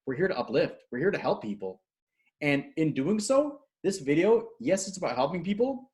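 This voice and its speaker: A man speaking as a guest coach in a casual video-call interview, energetic and acting out quotes as he tells stories. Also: fairly high pitch. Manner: fast, energetic storyteller, acts out quotes. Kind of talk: animated casual interview talk.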